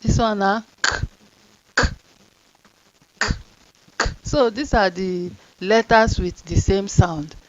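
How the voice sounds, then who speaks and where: A woman teacher with a Nigerian Pidgin accent leads a phonics lesson at a very unhurried pace, drawing out every letter and word one at a time. Her voice is close and dry, with a slightly dull, muffled recording. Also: medium pitch, no echo. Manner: slow, drawn-out sounding of letters and words.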